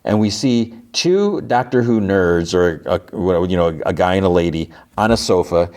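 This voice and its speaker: Low and a little mellow, his voice moves at normal speed with lively intonation. He's a podcast host loosely recapping an episode, padding it with fillers and frequent restarts.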